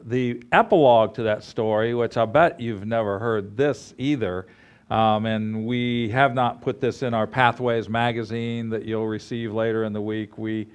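Animated man telling a sermon story. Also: fairly low pitch, moderate pace, clear, resonant tone. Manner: animated storyteller, acts out dialogue. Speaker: ministry leader teaching a course.

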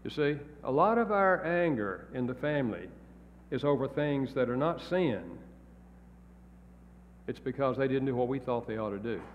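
A man's voice: mid-range voice, expressive, normal speed, long pauses, a little hiss or hum. A married man preaching a sermon in a folksy, plain-spoken storytelling way. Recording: echoey hall, dull lo-fi sound.

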